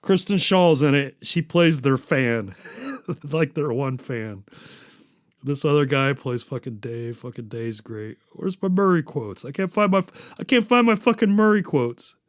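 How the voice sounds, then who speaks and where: A man's voice: medium pitch, lively intonation, measured pace, dry recording, clean studio sound. A man hosting a podcast, chatting casually and going off on profane tangents with small chuckles. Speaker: podcast host. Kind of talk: casual rambling chat.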